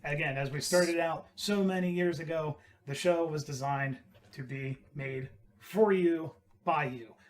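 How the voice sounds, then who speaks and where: High-voiced, teasing male show host. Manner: energetic, teasing, quick restarts. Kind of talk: casual podcast chat.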